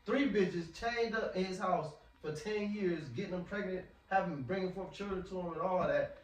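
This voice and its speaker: A man's voice: sits high, normal speed, soft background music. A man preaching in a casual, slangy way, often repeating words as he talks. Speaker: street preacher. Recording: echoey, from far off.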